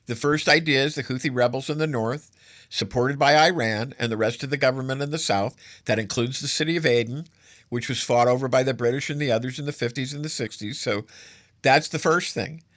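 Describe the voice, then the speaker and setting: A man's voice: mid-range voice, brisk, a bit bright, no echo, clean studio sound. A man hosting solo political commentary, sarcastic and emphatic, stacking up adjectives as he argues.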